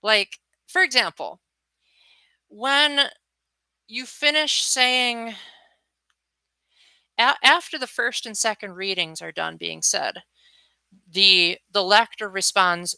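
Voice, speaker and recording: Young woman streamer, casual and talkative; bright, crisp tone, dry close mic. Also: mid-range voice, takes it slowly, pauses often, no room sound, rough recording. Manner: chatty, answers viewers' chat, acts out quotes. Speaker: livestream host. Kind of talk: casual livestream chat.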